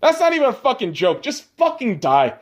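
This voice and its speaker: A young man with a high-pitched voice tells a travel story on his own podcast. He talks casually and bluntly, and he swears constantly as he rants. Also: wildly swooping pitch, brisk. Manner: profane, blunt, ranting. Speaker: podcast host.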